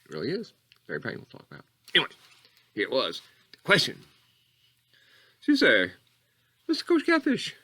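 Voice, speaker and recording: A man voicing a folksy Louisiana bayou oddball, who drawls through a digressive tale. His pitch swoops wildly between low mumbles and sudden high squeaks, and his tone stays bright and edgy. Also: wildly swooping pitch, moderate pace, long pauses, husky, full character voice. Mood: rambling. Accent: Southern US (Louisiana bayou). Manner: meandering, digressive, mock-earnest storytelling. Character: rambling bayou man calling himself Coach Catfish. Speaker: comedy character host. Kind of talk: character monologue.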